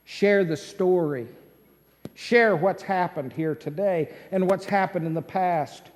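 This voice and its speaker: A man preaching, voicing Jesus in a soft, slow, lower voice. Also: big-room sound. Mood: gentle. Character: Jesus, gentle patient grown man.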